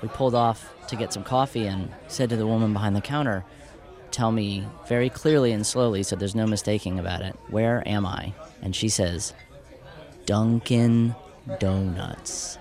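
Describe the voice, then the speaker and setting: Low-voiced musician telling a tour joke. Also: male voice, moderate pace, a faint crowd. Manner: casual, relaxed storytelling. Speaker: musician guest.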